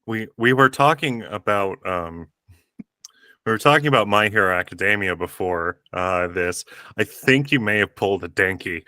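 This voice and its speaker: A man playing a tabletop game, describing his hero's moves in halting, rambling bursts and laughing at his own lines. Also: lowish voice, bright, forceful tone, dry recording, clean studio sound. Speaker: player.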